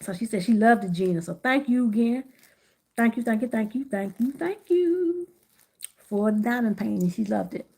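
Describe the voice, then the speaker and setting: A woman's voice: mid-range voice, fairly quick, vocal fry, a little mellow. A middle-aged woman chatting casually on a live stream, greeting viewers by name while she works on gift baskets indoors.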